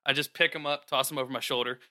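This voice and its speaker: A man's voice: medium pitch, fairly even intonation, fast talker, pushed and bright, no echo, clean studio sound. A man playing a tabletop game, describing his hero's actions with laughs and swearing. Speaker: player.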